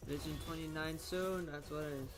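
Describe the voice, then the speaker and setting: A man's voice: a little high, steady tone, a little fast, music in the background. Chatty Floridian man playing a game. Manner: chatty, reacting aloud to the game, trailing off and restarting. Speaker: gaming content creator. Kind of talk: casual gameplay commentary.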